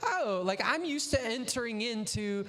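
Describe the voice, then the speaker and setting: A man with a notably high voice hosts a casual chat, giving practical advice and playing out little quoted dialogues. A long reverb hangs on the voice. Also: expressive, normal speed, fairly bright tone. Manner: advisory, acts out quoted dialogue. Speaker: host.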